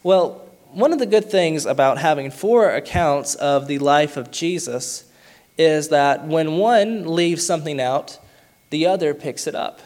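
A man preaching a sermon, earnest, slowing down to stress key words and reading scripture aloud. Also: a little high, darkish tone. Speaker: pastor.

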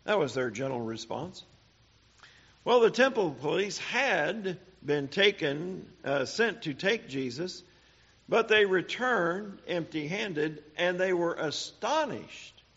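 A man teaching a Bible study sermon, speaking deliberately with "uh" pauses and rhetorical questions. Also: sits high, big pitch swings, fairly bright tone, slightly rough, dull audio.

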